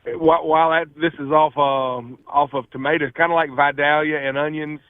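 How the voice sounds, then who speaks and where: A man's voice: fairly high pitch, fairly even intonation, moderate pace, clear, resonant tone, no echo. Man calling in by phone. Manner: friendly, chatty. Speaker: caller. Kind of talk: phone call-in chat. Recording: tinny phone line.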